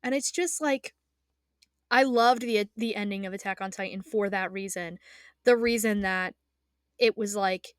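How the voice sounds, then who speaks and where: A woman's voice: medium pitch, unhurried, dry recording, clean studio sound. A young woman in a casual, emotional rant as an anime fan, passionate and rambling, swearing freely and trailing off into fillers.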